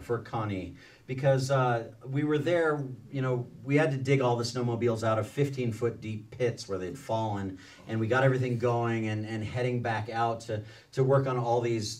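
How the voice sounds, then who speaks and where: A man's voice: mid-range voice, darkish tone, recorded from a distance. A man reading aloud from his own book at a library event, then talking loosely with fillers and restarts. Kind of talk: book reading mixed with casual storytelling. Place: public library event room.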